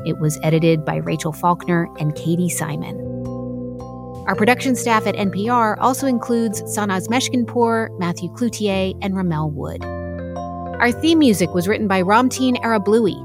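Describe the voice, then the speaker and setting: Female radio host, mid-pitched, smooth scripted credits, clear music bed underneath. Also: moderate pace. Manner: even, polished announcer reading. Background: theme music.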